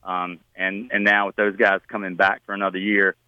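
A middle-aged man, a high school football coach, answering radio interview questions in a relaxed, plain-spoken way with many fillers and restarts. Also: moderate pace, smooth, dry recording, highs cut off.

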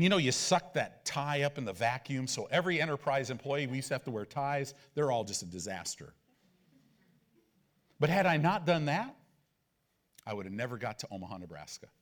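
A man in his forties, a pastor, preaching with animated personal stories and rhetorical questions. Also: fairly high pitch.

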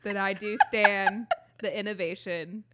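A young woman co-hosting a casual chat. She talks in a relaxed, wry way. She drops dry asides. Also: medium pitch, a little slow, heavy background noise. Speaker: podcast co-host.

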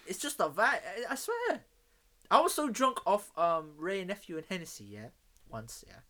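A man's voice: high voice, moderate pace. A man telling stories in casual chat, full of slang and swearing. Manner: animated storyteller, heavy street slang and swearing.

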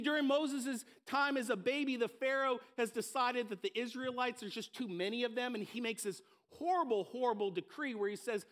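A man's voice: extremely high pitch, a bit bright. A pastor giving a conversational, earnest sermon, often repeating words as he restarts a thought.

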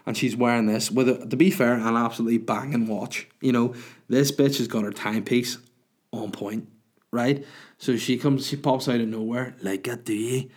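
A man's voice: mid-range voice, steady tone, moderate pace. A man in his thirties, a podcast host, telling a rambling, crude, self-mocking story in casual monologue.

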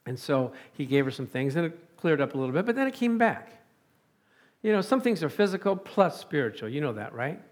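Male preacher with a high voice, lively delivery, frequent laughs and calls of "amen?". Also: fairly quick. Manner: animated, chuckling, calling out "amen?" to the congregation. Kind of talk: sermon.

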